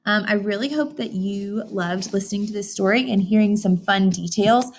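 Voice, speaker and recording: A woman teacher reading a picture book aloud to children, stopping to ask them questions and gently explain. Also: mid-range voice, normal speed, a little hiss or hum.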